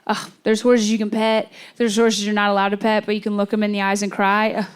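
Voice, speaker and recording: A woman doing a stand-up set on a theater stage, telling deadpan stories and acting out the people in them, with laughter answering her lines. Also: mid-range voice, brisk, smooth. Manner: deadpan storytelling with quoted voices. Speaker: stand-up comedian.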